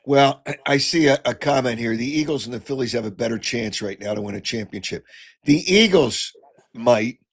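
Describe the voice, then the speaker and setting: An older man hosting a call-in sports radio show, blunt and opinionated, clearing his throat as he gets over a cold. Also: mid-range voice, normal speed. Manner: blunt, opinionated, flares into shouting. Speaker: sports talk radio host.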